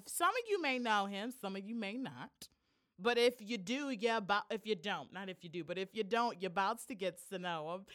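A woman's voice: medium pitch, animated, moderate pace, fairly bright tone. A woman from Michigan hosting a casual podcast, bubbly and playful, laughing often. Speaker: podcast host. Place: Chicago.

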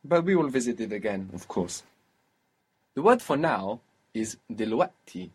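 A man's voice: medium pitch, big pitch swings, normal speed, a little mellow, slightly rough. A man teaching a spoken language lesson, patiently explaining pronunciation and prompting his student.

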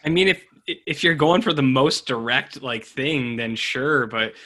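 An Australian man with a bright, forward voice, chatting loosely on a movie podcast. He jokes crudely and keeps things relaxed. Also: mid-range voice, a little slow, hardly any pauses. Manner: joking, crude. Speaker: podcast co-host. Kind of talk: casual chat.

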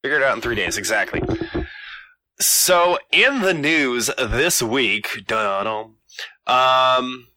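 Bright, dry-sounding man hosting a podcast. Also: medium pitch, animated, slow, no echo. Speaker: podcast host. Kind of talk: casual gaming podcast chat.

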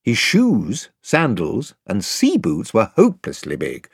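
An older man reading a children's fantasy novel aloud in expressive storytelling narration. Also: lowish voice, slow pace, vocal fry, slightly rough, no room sound, clean studio sound. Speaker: audiobook narrator. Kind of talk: scripted narration. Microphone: close studio mic.

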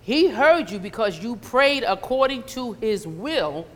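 A woman's voice: a little high, sing-song, a little slow. A woman preaching a conversational sermon in a church, slipping into acted asides. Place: church sanctuary. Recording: long hall reverb.

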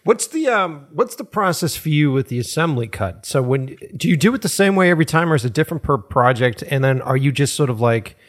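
A man hosting a casual interview, laughing often and firing off quick stacked questions. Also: on the high side, animated. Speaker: interview host.

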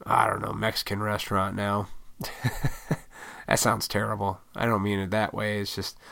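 Young man, profane casual rant, gravelly low voice with a bright, sharp edge. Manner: profane, blunt, ranting. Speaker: solo talker.

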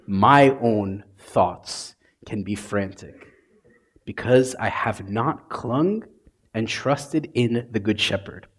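A man, a priest, preaching a sermon in a conversational yet dramatic way, often dropping to a soft hush. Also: lowish voice, takes it slowly.

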